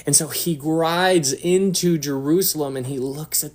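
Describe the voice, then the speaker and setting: A man giving casual Bible teaching to an online audience. He talks in an animated way and drops to a hushed voice for emphasis. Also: a little high, unhurried. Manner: animated, acts out quotes, drops to a hush for emphasis.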